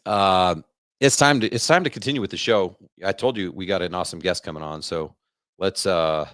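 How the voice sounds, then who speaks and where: A man hosting a podcast, delivering an energetic, repetitive sales rant in a coaching tone. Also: deep voice, no room sound, clean studio sound. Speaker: podcast host.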